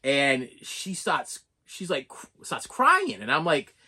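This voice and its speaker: A man's voice: mid-range voice, slow, pushed and bright, husky. A man chatting casually as a video host and collector, rambling and repeating his words. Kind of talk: casual chat.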